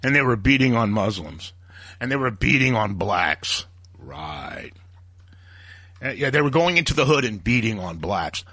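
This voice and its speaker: Heated male talk radio host with a sharp, husky voice and lively, swinging delivery. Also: fairly low pitch, a little slow, dry recording, studio quality. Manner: ranting, heated, acts out quoted voices. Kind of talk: opinionated talk radio monologue.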